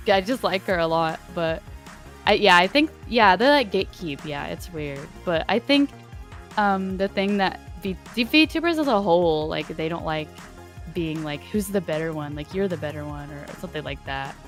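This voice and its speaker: A woman's voice: fairly low pitch, lively intonation, moderate pace, faint music behind. A young woman chatting as a streaming guest, laughing often and restarting her sentences. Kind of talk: casual chat.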